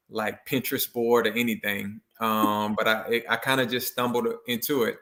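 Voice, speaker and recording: A man's voice: mid-range voice, level tone, moderate pace, few pauses, bright, forceful tone. A man, a motivational speaker and education consultant, telling a story in a video interview. He speaks loosely, with many likes, and acts out the quotes.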